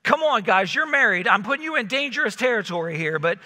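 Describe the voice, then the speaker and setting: A man preaching a sermon in a church, telling stories in a lively, conversational way. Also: high voice, fast, long reverb tail. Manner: conversational, animated storytelling. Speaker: pastor. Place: church sanctuary.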